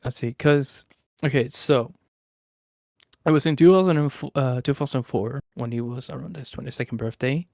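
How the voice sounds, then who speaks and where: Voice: mid-range voice, normal speed, vocal fry, darkish tone, no room sound, clean studio sound. A Swedish-accented livestream guest rambling through internet lore with laughs and casual swearing, the microphone cutting in and out. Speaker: streamer guest.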